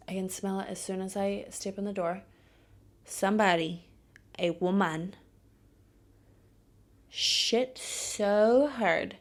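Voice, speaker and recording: A young woman talks through her week on her own podcast, slow and unhurried, with a gravelly fry in her voice. She rants bluntly and swears freely as she tells her stories. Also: medium pitch, fairly even intonation. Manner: blunt, profane, ranting storyteller. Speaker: podcast host. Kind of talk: casual solo podcast monologue.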